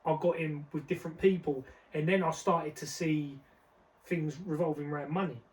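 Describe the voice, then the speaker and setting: A man's voice: fairly high pitch, fairly even intonation, normal speed, far from the mic, rough recording. A young man, talking in a casual podcast discussion, emphatic and full of street slang, often repeating words as he builds his point. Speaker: podcast co-host.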